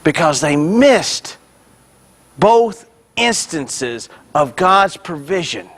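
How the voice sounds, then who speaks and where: High-voiced male pastor preaching with energy. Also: big pitch swings, very slow, a bit bright. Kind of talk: sermon.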